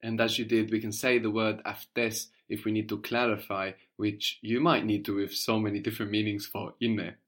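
Patient man teaching, somewhat low voice. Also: level tone, a little fast, hardly any pauses, fairly bright tone. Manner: patient, prompting questions, often checks with "no?". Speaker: language teacher. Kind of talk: guided language lesson.

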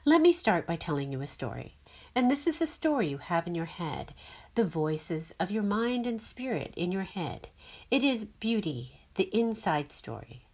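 A woman's voice: mid-range voice, very animated, normal speed, darkish tone. A woman astrologer giving a spiritual forecast and leading a guided meditation in a soothing, melodic way.

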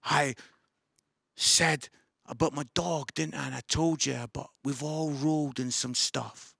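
Brief: male pastor, high-set voice, bright and forceful, enthusiastic sermon delivery. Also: unhurried, vocal fry, breathy edge, no echo, clean studio sound. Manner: enthusiastic, swings between excited outbursts and soft pleading. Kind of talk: sermon to an online audience.

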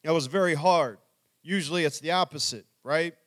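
Earnest storytelling man, slightly high voice. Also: normal speed, a bit bright. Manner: earnest, storytelling, quotes people in dialogue. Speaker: speaker. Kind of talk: personal testimony talk.

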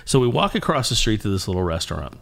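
A man telling a long casual anecdote in an animated way, often restarting and repeating words. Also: lowish voice, fast talker, gravelly.

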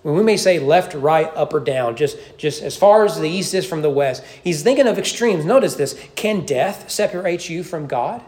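A man preaching an evening sermon in church, emphatic, with frequent restarts and high peaks on key points. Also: animated, normal speed, few pauses, a little mellow. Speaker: pastor. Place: church sanctuary.

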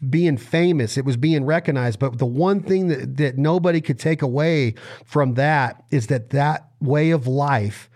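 A man's voice: on the high side, a little slow, darkish tone. A man from Reno, Nevada, talking as a podcast guest in earnest, rambling conversational storytelling full of restarts and repeated words.

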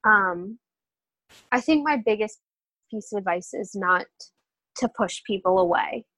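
A young woman speaks as a podcast guest, telling her story openly and earnestly with plenty of "um"s and "like"s. Her voice sits at an ordinary pitch for a woman. The recording is dry and close, with no room echo. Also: expressive, unhurried, a bit bright. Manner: earnest, open, filler-heavy storytelling. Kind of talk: candid interview conversation.

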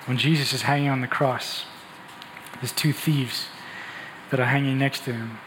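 A man preaching a sermon, telling the story in an animated, emphatic way. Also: mid-range voice, normal speed, in a large hall, background noise. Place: church hall.

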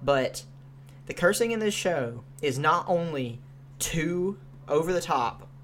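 A man's voice: on the high side, slow, a little hiss or hum. A young man co-hosting a podcast, reviewing a show in casual chat with lots of fillers and free swearing. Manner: animated, swears freely, frequent fillers. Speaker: podcast co-host.

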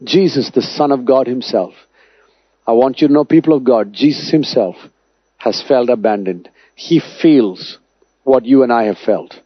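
A man's voice: moderate pace, husky, dry recording, highs cut off. A man preaching a sermon, dramatically raising and dropping his voice. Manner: dramatic preaching, rising and falling sharply in pitch and volume.

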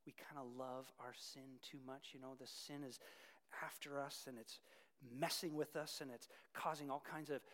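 A man's voice: medium pitch, steady tone, normal speed, a bit bright. A male preacher giving an emphatic sermon that builds to fervent peaks, with casual asides to the congregation. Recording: long reverb of a large hall.

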